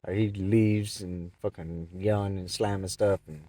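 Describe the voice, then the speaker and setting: A man's voice: sits low, fairly even intonation, unhurried, mellow, distant mic. A man in a casual vlog, telling a rambling, profane story and acting out the people he quotes. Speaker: vlogger. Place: in his car.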